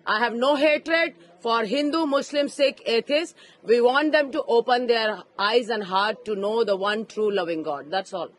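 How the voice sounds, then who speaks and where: Brief: female street preacher, high voice, impassioned, outdoor park, handheld mic. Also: a little slow, hardly any pauses. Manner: fervent, rising to emphatic shouts.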